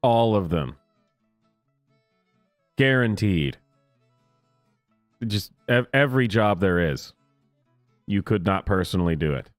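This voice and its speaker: A man's voice: fairly low pitch, lively intonation, takes it slowly, long pauses, dry recording, studio quality, faint music behind. A man hosting a comedic reaction video, making sarcastic, laughing asides about clips.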